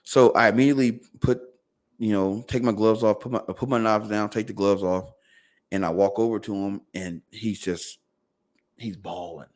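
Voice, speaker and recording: Low-voiced man telling a story. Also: steady tone, moderate pace. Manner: fillers and repeated words, quoting others in dialogue. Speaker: podcast guest. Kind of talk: casual storytelling.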